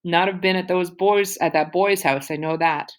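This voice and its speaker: A woman's voice: fairly low pitch, fairly even intonation, moderate pace, close to an everyday voice. A woman voicing an easygoing, teasing middle-aged father in an audiobook reading, with casual slang. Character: warm, joking father, middle-aged man.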